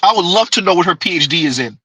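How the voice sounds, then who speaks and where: A man's voice: high voice, animated, fast talker, pushed and bright, breathy edge, no room sound, low-quality recording. A man hosting a livestream with reaction commentary, talking in a mocking, sarcastic way. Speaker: streamer.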